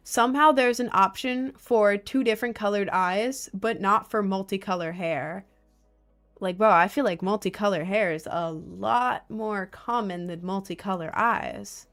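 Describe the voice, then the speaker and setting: A young American woman chatting casually on a live stream, answering chat with sarcastic jokes and frequent laughter. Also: mid-range voice. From United States. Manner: joking, sarcastic, laughs often.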